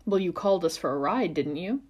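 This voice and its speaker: A woman voicing a bustling, motherly bus conductor in a storybook reading, brisk and chatty. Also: on the low side, lively intonation, a little mellow, breathy edge. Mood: cheery. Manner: brisk, motherly, exasperated scolding.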